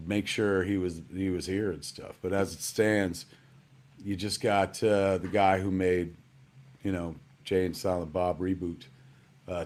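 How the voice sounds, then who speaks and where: Rambling, jokey middle-aged man hosting. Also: lowish voice. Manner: rambling, jokey, calls everyone "man" and "kids". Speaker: live-stream host. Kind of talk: casual live-stream hosting. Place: at home.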